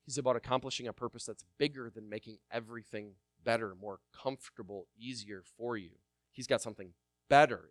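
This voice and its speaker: A male pastor preaching a sermon, repeating key phrases with force and then dropping to quiet, close asides. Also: medium pitch, fairly quick, no room sound. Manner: swings from loud emphatic repetition to quiet intimate asides.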